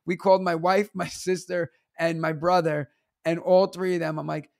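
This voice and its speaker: Guy in his 30s, high gravelly voice, super dry close sound, chatty storyteller doing little impressions. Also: no room sound. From New York. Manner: animated, acts out other people's lines in quick bursts. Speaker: teacher and stand-up comedian guest. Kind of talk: casual storytelling interview.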